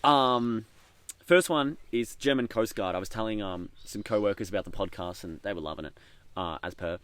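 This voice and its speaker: A man's voice: fairly low pitch, moderate pace, a bit bright, smooth, dry recording. Rambling laid-back guy chatting outdoors. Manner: rambling, lots of ums and laughs. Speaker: podcast co-host. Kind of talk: casual chat. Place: outdoors in the bush.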